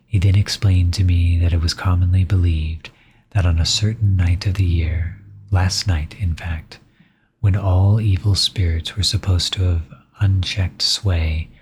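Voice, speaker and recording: A man reading a classic novel aloud as an ASMR bedtime story, soft, slow and hushed. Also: low-pitched, fairly even intonation, a little hiss or hum.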